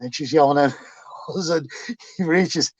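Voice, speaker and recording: A man being interviewed, casually telling profane, animated stories and acting out what people said. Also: on the high side, a little fast, breathy edge, no room sound, rough recording. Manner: profane, animated anecdotes with acted quotes. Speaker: interview guest, pro wrestler. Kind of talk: casual storytelling.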